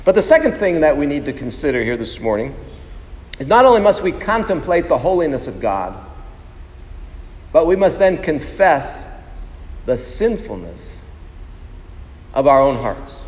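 A man's voice: on the high side, sing-song, a little slow, pauses often, a little mellow. Guy preaching a sermon, keeps firing questions at the congregation, church echo trailing off long. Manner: emphatic, asks the congregation rhetorical questions. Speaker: pastor. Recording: long reverb of a large hall.

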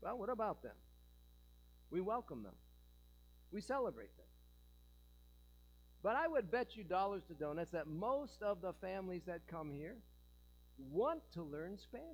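A man's voice: high voice, sing-song, normal speed, long pauses, low-quality recording. A man preaching a sermon in a church, joking and asking the congregation rhetorical questions. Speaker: pastor.

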